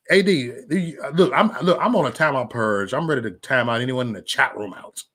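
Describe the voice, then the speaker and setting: This livestream host speaks a little fast in a medium-pitched, slightly bright voice as he rants angrily at critics. He swears, repeats himself, stammers into fresh starts, and reads the chat comments out loud.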